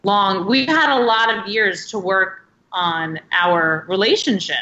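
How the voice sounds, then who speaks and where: A woman's voice: mid-range voice, unhurried, pushed and bright, reverberant, highs cut off. A woman in her thirties, talking as a guest in a casual interview, chatty and rambling with many filler words. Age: 30s.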